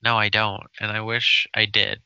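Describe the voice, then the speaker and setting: A man co-hosting a casual chat, rambling and stumbling over his words when he gets excited. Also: lowish voice, normal speed, gravelly, clear, resonant tone, no room sound, poor audio. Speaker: podcast co-host.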